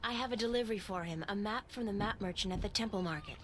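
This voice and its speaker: A woman's voice: medium pitch, fast talker, a bit bright, slight background noise, close to an everyday voice. An actress voicing a wry, curious young woman adventurer in a video game, making offhand remarks. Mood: plain.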